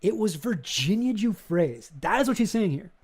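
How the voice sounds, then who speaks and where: A male streamer talking through deposition footage in an animated, profane and indignant way. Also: high-pitched, moderate pace, husky.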